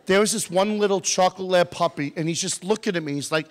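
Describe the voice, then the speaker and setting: This man talks fast in a high-pitched voice. A motivational speaker before a live crowd, he tells a funny story in an animated, joking way and teases audience members, with long hall reverb on the recording.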